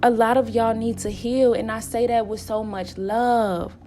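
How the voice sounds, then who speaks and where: A woman with a somewhat high voice delivers a spiritual warning, scolding and repeating herself like a preacher. She speaks in as she addresses her followers directly. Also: fairly even intonation, a little slow, dark tone, a little hiss or hum. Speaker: spiritual channel host.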